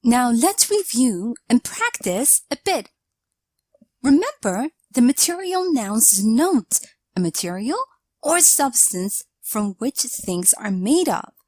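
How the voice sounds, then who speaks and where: A woman narrating a scripted grammar lesson, explaining slowly and deliberately and reading out example sentences. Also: a little high, big pitch swings, darkish tone, no room sound. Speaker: English teacher.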